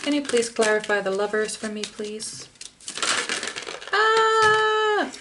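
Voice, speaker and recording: A woman's voice: mid-range voice, fast, background noise. A woman giving a pick-a-card tarot reading, speaking straight to the viewer, blunt and impassioned, swearing freely.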